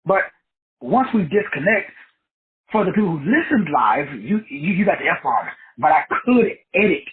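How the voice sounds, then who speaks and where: A man's voice: a little high, big pitch swings, moderate pace, slightly rough. A man hosting a talk show, giving a preachy motivational monologue full of wordplay and repeated phrases. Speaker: podcast host. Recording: tinny phone-like line.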